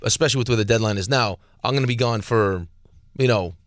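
A man's voice: fairly low pitch, fast talker, no room sound, clean studio sound. A man co-hosting a sports radio show, trading casual, teasing banter with his partner.

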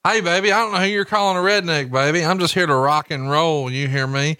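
A man putting on a cocky, crude male wrestler, boastful and quick. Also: sharp tone, smooth, no room sound, clean studio sound. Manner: brash, boastful, high and fast.

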